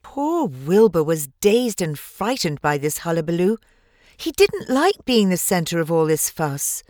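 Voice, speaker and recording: Slow, gentle woman reading a storybook. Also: lowish voice, dry recording, clean studio sound. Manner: measured, gentle, expressive. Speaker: audiobook narrator. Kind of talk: scripted storybook narration.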